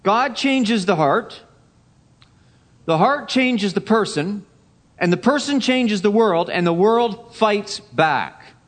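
A man preaching a Sunday sermon, emphatic, repeating key phrases and dropping to a hush for effect. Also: high voice, lively intonation, slow. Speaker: pastor.

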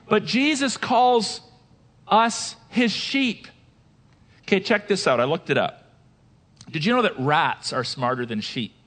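A male pastor preaches with a notably high voice. He talks in an animated way, putting questions to the congregation and breaking into quoted voices. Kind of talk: sermon.

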